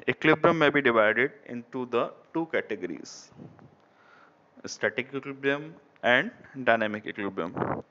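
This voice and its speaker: Halting Indian-accented man lecturing, lo-fi. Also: medium pitch, a bit bright. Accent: Indian English. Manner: halting, repeats phrases, frequent "okay". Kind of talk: online engineering lecture. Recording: dull lo-fi recording.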